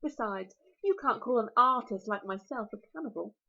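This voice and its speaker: Storybook dragon: a huge, smug male beast, cheerfully menacing, read by a British woman, lively and high, lo-fi. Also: moderate pace, exaggerated voice. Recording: lo-fi recording.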